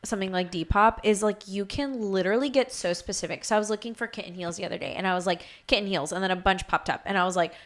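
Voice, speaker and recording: A young woman guest in a casual podcast chat, relaxed and chatty with lots of "like". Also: mid-range voice, quick pace, few pauses. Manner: relaxed and chatty, heavy use of "like".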